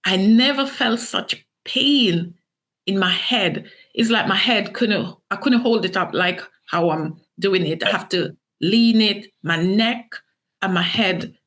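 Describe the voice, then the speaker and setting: A woman's voice: medium pitch, slow, fairly bright tone. A middle-aged woman from Jamaica, earnestly and emotionally telling her own story in an interview. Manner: earnest, emotional retelling with acted quotes. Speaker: author and interview guest. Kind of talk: personal story told in an interview.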